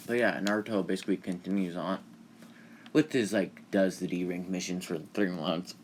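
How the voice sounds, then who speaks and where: A man's voice: low-pitched, steady tone, normal speed, slight background noise. A young man casually retelling a fan-made anime story while playing a video game, full of fillers, restarts and offhand swearing.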